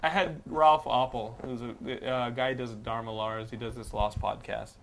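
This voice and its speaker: A man hosting a podcast, telling stories in a casual, animated way with lots of restarts and "like"s. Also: mid-range voice, moderate pace, vocal fry, noisy background. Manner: animated storyteller, many "like"s and restarts. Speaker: podcast host. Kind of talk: casual chat, anecdote-telling.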